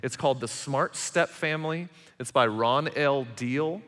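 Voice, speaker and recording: A man in his forties preaching a sermon as pastor, emphatic and animated, acting out quarrels between parents. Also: mid-range voice, a little slow. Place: church auditorium. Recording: large hall reverb.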